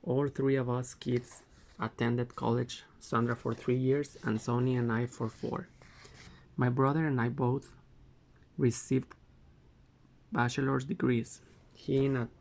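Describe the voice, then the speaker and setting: Male amateur memoir reader, gravelly texture, halting delivery with restarts. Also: medium pitch, steady tone, darkish tone. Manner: halting, frequent stumbles and self-corrections. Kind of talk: reading a memoir aloud.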